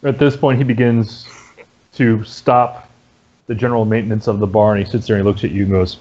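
Relaxed male game master, muffled audio. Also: fairly low pitch, fairly quick. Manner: relaxed, descriptive narration. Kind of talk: narrating a tabletop game. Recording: dull lo-fi recording.

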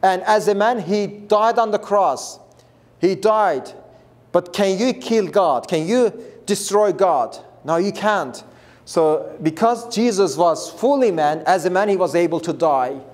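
A man's voice: high voice, animated, a little slow, darkish tone. A man preaching a Bible lesson in an earnest, emphatic way, repeating himself and restarting phrases as he explains. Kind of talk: Bible teaching.

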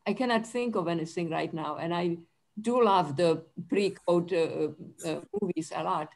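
A woman's voice: on the low side, normal speed, a little mellow. A woman in a casual group discussion, hesitant and searching for words. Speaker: discussion participant.

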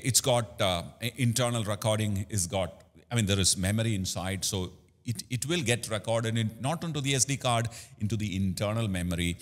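A man hosting a product demo tutorial, explaining features with many fillers. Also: fairly low pitch. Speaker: host. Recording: room with long reverb.

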